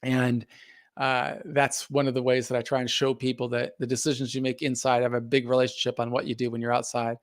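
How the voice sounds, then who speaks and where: A man's voice: medium pitch, little pitch movement, fairly quick, dry recording, clean studio sound. A middle-aged man hosting a casual live stream, speaking earnestly and thoughtfully with many fillers and restarts. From United States. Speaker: live stream host reading viewer comments.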